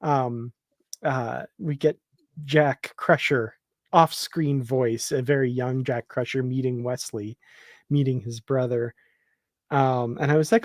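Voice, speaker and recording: A man's voice: mid-range voice, steady tone, takes it slowly, no room sound, studio quality. A man co-hosting a casual fan discussion, enthusiastic and laughing often, with lots of fillers. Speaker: podcast co-host.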